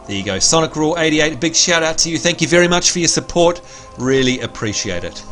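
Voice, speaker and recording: A man livestreaming a video game, chatting casually, reading out viewer messages and giving shout-outs, with excitable bursts while he plays. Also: fairly high pitch, fast, hardly any pauses, soft background music.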